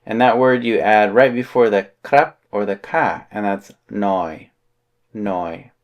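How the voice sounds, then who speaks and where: A man teaching a beginner language lesson in a relaxed, explanatory way, with frequent fillers. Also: lowish voice, moderate pace. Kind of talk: casual spoken lesson.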